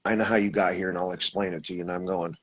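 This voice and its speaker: A man with a husky voice, telling his experience in a casual, rambling way, with restarts and acted-out quotes. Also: low-pitched, little pitch movement, fast, poor audio. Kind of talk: casual storytelling.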